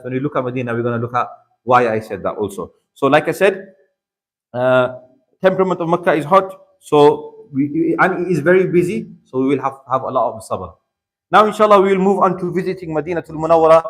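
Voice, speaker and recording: A man with a British English accent teaching a religious workshop in a mosque, earnestly urging his listeners and repeating points for emphasis. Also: a little high. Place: mosque hall.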